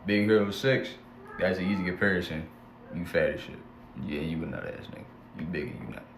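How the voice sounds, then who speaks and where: A man's voice: low voice, fairly quick. A young man telling his own story in a casual, slangy rant, acting out both sides of each exchange. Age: young adult. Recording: echoey room with faint background hum.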